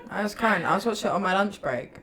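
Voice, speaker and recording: A woman, co-hosting a podcast in a casual, animated chat full of storytelling and laughter. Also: medium pitch, fast talker. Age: 30s. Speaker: podcast co-host.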